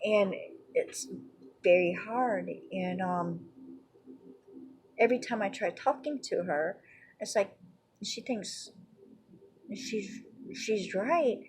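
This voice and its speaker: Husky woman giving a rambling Bible lesson. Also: medium pitch, takes it slowly, long pauses, a little mellow, rough recording. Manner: rambling, conversational, frequent "you know" and "um". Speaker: Bible teacher.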